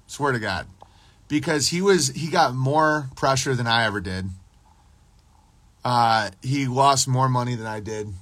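A man's voice: medium pitch, unhurried, a bit bright, no echo. A man hosting a casual livestream podcast, ranting in a crude, profane, rambling and boastful way while answering his live chat.

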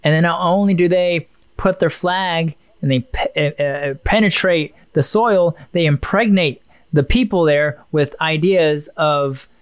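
A man's voice: a little high, measured pace, clean tone, no echo, clean studio sound. A man co-hosting a casual podcast, thinking aloud in a musing, rambling way with many restarts. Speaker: podcast co-host.

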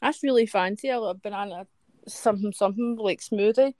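A woman's voice: mid-range voice, a little fast, mellow, no echo, clean studio sound. A woman with a Greenock Scottish accent co-hosting a casual podcast chat, chatty and sweary. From Scotland. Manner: chatty, sweary, laughs easily. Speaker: co-host.

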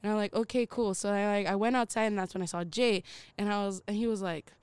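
A young woman co-hosting a podcast, telling a story in a casual, animated way, swearing freely and acting out the voices of people in it. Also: medium pitch, fast, clean tone, dry recording. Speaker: podcast co-host.

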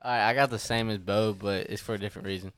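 Low, smooth man, dry sound. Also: steady tone, fast talker, fairly bright tone. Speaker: podcast co-host. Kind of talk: casual podcast banter.

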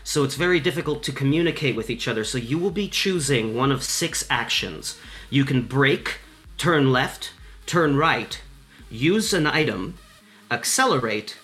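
Bright-voiced man running a tabletop game. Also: medium pitch, very animated, unhurried, faint music behind. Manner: casual, lots of fillers, laughs easily. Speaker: game master.

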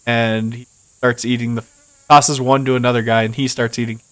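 A man's voice: medium pitch, flat delivery, moderate pace, clear, resonant tone, rough recording. A man narrating as game master of a tabletop game, laid-back, swearing casually and chuckling as he describes the scene.

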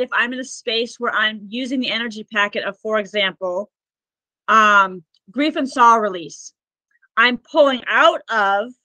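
With a fairly high, pushed, and bright voice, a woman shares stories on a podcast in a heartfelt, digressive manner, saying "like" again and again. She's a spiritual healer who does Akashic records work. The recording has no room sound yet poor audio quality.

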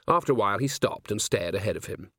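A man with a lowish voice narrates an audiobook, reading a script in a measured, even way. The recording is clean studio sound with no echo.

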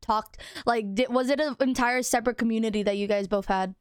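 A woman's voice: fairly high pitch, fairly even intonation, fairly quick, smooth, no echo, clean studio sound. A young woman hosting a casual chat show, teasing her guests and laughing often. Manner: giggly, teasing. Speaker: podcast host.

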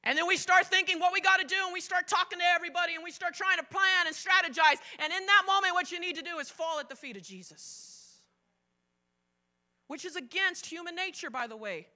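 In an energetic sermon, a middle-aged woman pastor acts out the quotations and alternates between loud and soft delivery. Her voice is extremely high-pitched and brisk.

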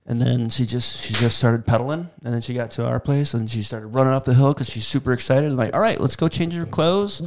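A podcast co-host with a steady, medium-pitched voice talks fast with few pauses, spinning a rambling story in casual chat and acting out what people said. Background noise is audible.

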